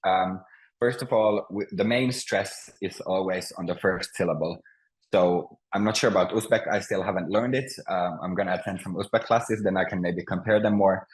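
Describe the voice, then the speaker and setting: A man teaching a language class over a video call, speaking patiently with many pauses and restarts. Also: deep voice, poor audio. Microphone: computer mic on a video call.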